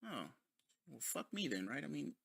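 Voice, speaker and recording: A man's voice: fairly high pitch, sing-song, moderate pace, creaky, a bit bright, husky, no echo, studio quality. A man ranting in a sarcastic, mocking commentary full of profanity. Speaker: commentary video host.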